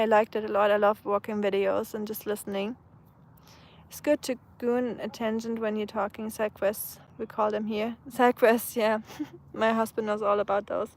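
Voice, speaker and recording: Chatty German-accented woman, slightly high. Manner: chatty, answers viewers' comments, frequent fillers and restarts. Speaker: live streamer. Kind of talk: casual live-stream chat. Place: outdoors on a sunny day.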